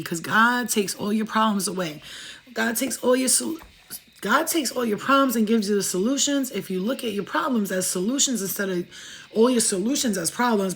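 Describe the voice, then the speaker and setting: A woman chatting casually to livestream viewers as a spiritual reader, fast-talking, profane and emphatic. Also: mid-range voice, slight background noise.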